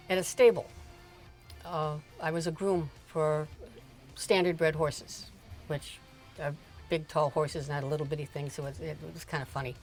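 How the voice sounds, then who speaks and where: An older woman, a mother, telling family stories in a chatty, rambling way with frequent laughs and asides. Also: sits low. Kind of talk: casual storytelling chat.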